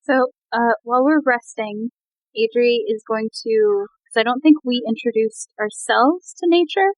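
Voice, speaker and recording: A woman's voice: on the high side, moderate pace, no room sound, rough recording. A woman playing a tabletop game in casual chat, polite and a bit unsure. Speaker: player.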